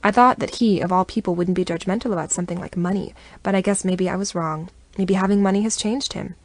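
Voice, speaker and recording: A young adult woman narrating a first-person audiobook in an expressive, even storytelling manner, on a close studio mic. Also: mid-range voice, quick pace, no echo.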